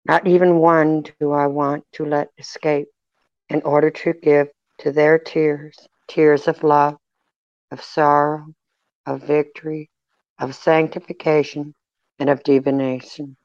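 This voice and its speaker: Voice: mid-range voice, no room sound, lo-fi sound, lightly acted. A reader voicing Jesus, sorrowful and tender. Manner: measured, even delivery. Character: sorrowful man speaking as Jesus, tender and grieving. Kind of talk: devotional reading aloud.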